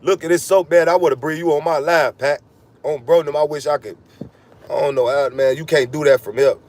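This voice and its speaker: A man talks in a heated, profane rant, his voice sitting fairly high. He swears constantly and jumps from point to point in a freewheeling podcast monologue. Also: steady tone, fairly quick, a little mellow. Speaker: podcast host.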